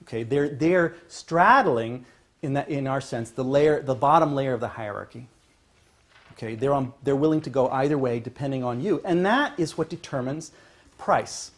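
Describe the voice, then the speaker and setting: Male professor, classroom lecture, husky mid-pitch voice, frequent "okay?" check-ins. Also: normal speed. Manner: repeats "okay?" as a check-in, restarts phrases often; emphatic, builds to louder points then trails off. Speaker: economics professor. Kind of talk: university lecture.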